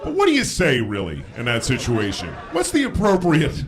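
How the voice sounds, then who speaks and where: A man doing a stand-up comedy routine on a stage before a live audience, telling frank stories and breaking into shouted impressions. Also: mid-range voice, wildly swooping pitch, moderate pace. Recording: live show with audience laughter. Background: audience laughter.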